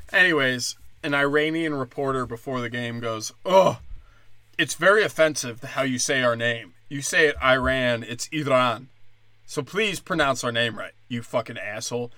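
A man's voice: medium pitch, pushed and bright, no echo. A young man in a profane, sarcastic rant of angry commentary, often mocking the people he talks about. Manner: angry, sarcastic, crude, fast swings into mocking voices.

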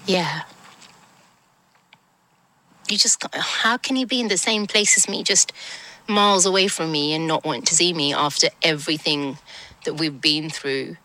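A woman's voice: deep voice, measured pace, pauses often, pushed and bright, no room sound, rough recording. A woman in a documentary clip, emotionally recounting a personal story. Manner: emotional, reflective retelling.

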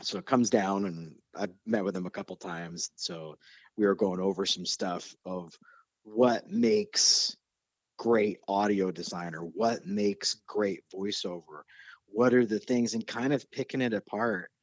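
A podcast host with a lowish voice tells stories at an unhurried pace in a casual chat, growing animated, excited and nerdy about his subject. The audio is muffled, with no room sound.

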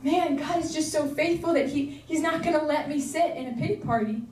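A woman's voice: high-pitched, fairly quick, a little mellow, a little hiss or hum. A young woman giving a casual, earnest sermon, chatty and full of fillers. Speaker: preacher. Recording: echoey room, voice from far off.

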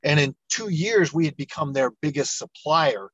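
A middle-aged man, an entrepreneur guest on an interview show, telling his story with lively acted-out dialogue. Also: on the high side, moderate pace, dry recording, highs cut off. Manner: animated storyteller, acts out quoted dialogue.

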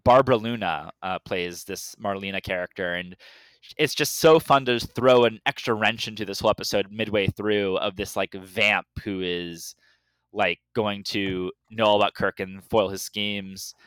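Man, podcast co-host, smooth clear voice, rambling casual talk, dry sound. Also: lowish voice, normal speed, a bit bright, no echo. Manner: rambling, many fillers and restarts. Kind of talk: casual chat.

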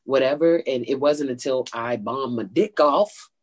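A woman stand-up comedian tells a story in an interview. She is animated and jumps high in pitch when she acts out quotes. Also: moderate pace, breathy edge.

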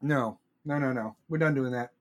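A man hosting a podcast delivers a blunt, profane rant, repeating lines for emphasis. He is an adult with children, and his voice is medium-pitched at a moderate pace.

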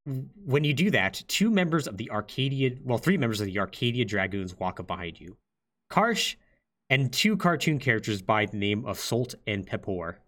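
A man's voice: mid-range voice, moderate pace. A young man hosting a podcast, casually retelling a game plot with lots of fillers. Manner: lively, filler-heavy, acts out quotes. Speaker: podcast host.

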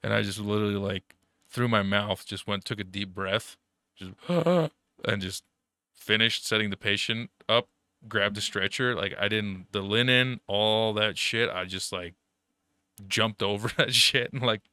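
A man's voice: on the low side, fairly even intonation, moderate pace, bright, forceful tone, smooth, no room sound, studio quality. A young man telling rambling, profanity-filled stories in casual chat, full of fillers.

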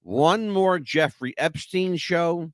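A man's voice: a little high, slow pace, no room sound, studio quality. A man co-hosting a casual podcast, telling stories in a rambling, emphatic way. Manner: animated, rambling, emphatic storyteller. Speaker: podcast co-host. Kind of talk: casual chat.

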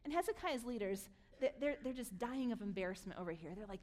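Woman pastor, high voice, animated preaching, acts out scenes. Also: fast talker. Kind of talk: sermon.

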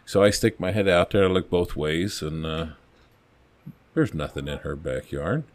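A man with a very low, deep voice spins a small-town story in an easygoing, rambling way. He acts out the quoted lines as he tells it, in the relaxed rhythm of a podcast guest recounting his old police calls. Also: normal speed, no echo. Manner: folksy, rambling anecdotes with acted-out quotes. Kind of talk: casual storytelling.

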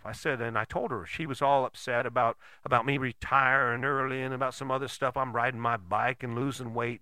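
A man's voice: medium pitch, creaky, pushed and bright, no echo. An older man giving a casual motivational talk, folksy and blunt, often checking in with "right?".

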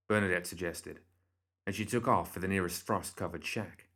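Low-voiced male audiobook narrator. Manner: steady, measured reading.

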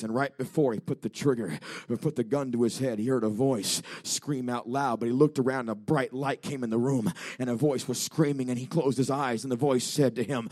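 An evangelist preaching a sermon in church, telling a story that builds to shouting. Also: male voice, mid-range voice, steady tone, fairly quick, hardly any pauses, dry recording, studio quality.

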